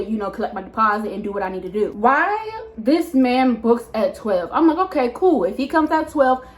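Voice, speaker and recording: A woman in her twenties, a hairstylist, telling a casual storytime vlog in a chatty, animated way with lots of fillers. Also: on the high side. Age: 20s. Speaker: hairstylist and vlogger. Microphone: camera mic.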